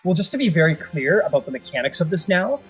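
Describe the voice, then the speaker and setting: A man's voice: fairly high pitch, big pitch swings, quick pace, faint music behind. A man running a tabletop game as game master, narrating in a chatty, playful way.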